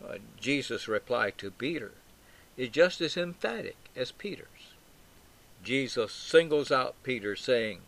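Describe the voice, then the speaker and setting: A man preaching an expository Bible sermon at an unhurried, deliberate pace. His voice sits in an ordinary middle register, and he leans hard into emphatic phrases. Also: mid-range voice, lively intonation, gravelly, fairly bright tone. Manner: slow, emphatic, with swells on quoted lines.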